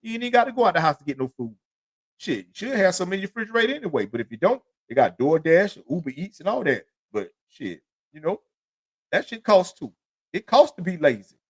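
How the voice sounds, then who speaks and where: A man's voice: high-pitched, big pitch swings, a little fast, breathy edge. A man hosting his own show, telling his life story in a casual, profane, streetwise monologue. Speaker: podcast host.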